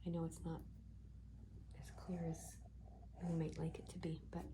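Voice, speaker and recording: A woman giving a casual tarot reading, soft-spoken and reassuring, often slipping into a half-whisper as she muses over the cards. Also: sits low, monotone, normal speed, slight background noise. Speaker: tarot reader.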